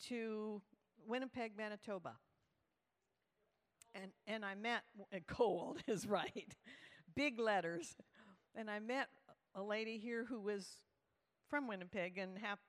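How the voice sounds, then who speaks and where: A woman telling a humorous story to a live audience at a church event, animated and lively. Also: mid-range voice, smooth. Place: large hall with live audience. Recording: reverberant hall.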